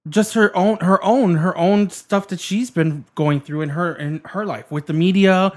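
Animated man in a heated casual debate. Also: sits high, normal speed. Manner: animated, profane, defensive.

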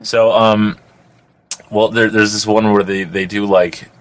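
A man's voice: fairly low pitch, little pitch movement, unhurried. A young man telling a rambling, crude story in casual chat, full of "like".

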